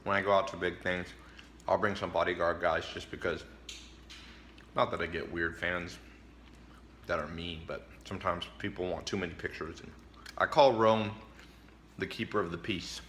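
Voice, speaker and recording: A man's voice: deep voice, steady tone, moderate pace, long pauses, a bit bright, a little hiss or hum. A man giving casual motivational advice straight to the camera, emphatic and preachy, chuckling between points and eating as he talks. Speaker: vlogger giving life advice.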